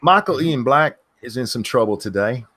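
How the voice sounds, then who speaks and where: A man hosting a casual podcast, his voice swinging up and down in pitch as he rambles through the news. He swears freely and talks in loose, rambling runs. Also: lively intonation, moderate pace, pushed and bright. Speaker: podcast host. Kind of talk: casual chat, news commentary.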